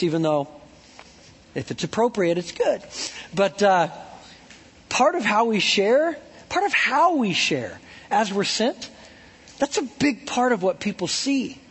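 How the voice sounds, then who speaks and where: A man's voice: sits high, animated, normal speed, breathy edge. A man preaching a casual, joking sermon, talking in a chatty way full of "like" and "right?". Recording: long hall reverb.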